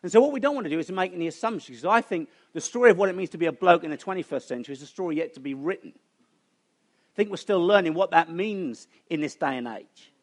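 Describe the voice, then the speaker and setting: Speaking fast and expressively in a slightly high voice, a middle-aged man jokes his way through a sermon-style talk for a church audience. As the conference speaker, he tells chatty stories at his own expense.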